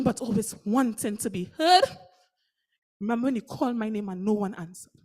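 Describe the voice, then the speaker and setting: A woman performing a spoken word poem with an intense, dramatic delivery. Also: on the high side. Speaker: slam poet.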